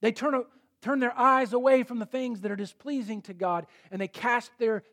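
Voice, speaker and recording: Man, high-pitched voice, middle-aged pastor, earnest sermon delivery, emphatic peaks. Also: steady tone, moderate pace, a bit bright.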